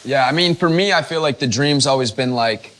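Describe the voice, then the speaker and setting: A man's voice: mid-range voice, a little fast, fairly bright tone, slight background noise. A young man in his twenties, a guest chatting in an easygoing way, full of filler words. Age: 20s. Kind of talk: casual chat.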